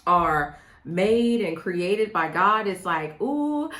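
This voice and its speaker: Speaking slowly in a low-ish, fairly bright voice, this middle-aged woman gives women direct dating advice in a monologue, emphatic and frequently asking "okay?". The room she's in is echoey.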